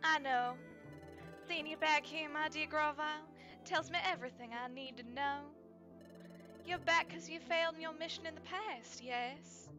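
A woman's voice: high-pitched, normal speed, music in the background, lightly acted. A woman voicing a tiny, prissy female time-travel fairy in a put-on Southern drawl, fussy and easily offended. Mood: prim. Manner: prim, fussy, giggly.

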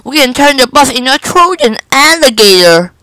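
A woman's voice: sits high, very animated, normal speed, sharp tone, no room sound, full character voice, poor audio. A woman reading the part of an anxious, imaginative young schoolgirl in a storybook.

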